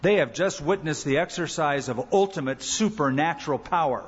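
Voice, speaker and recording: Animated preaching man in a reverberant hall. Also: moderate pace, slightly rough. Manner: animated, acts out quoted voices with rising pitch. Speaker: pastor. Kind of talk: sermon. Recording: dull church recording with long reverb.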